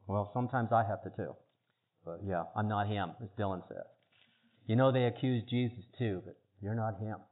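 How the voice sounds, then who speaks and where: A man giving an informal teaching talk, chatty and halting, often repeating words as he searches for phrasing. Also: on the low side. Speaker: preacher. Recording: tinny phone-like sound.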